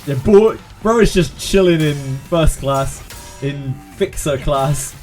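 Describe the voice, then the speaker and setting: A man's voice: a little high, slow pace, darkish tone, faint music behind. Chatty Cornish man streaming a game. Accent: Cornish English. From Cornwall, England. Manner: chatty, laughs often, sings snatches of sea shanties. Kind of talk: casual gameplay commentary.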